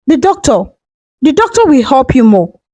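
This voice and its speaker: Brief: woman reading a remorseful grown son, tearful and pleading, high lively voice. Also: moderate pace, no room sound. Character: grieving adult son, remorseful.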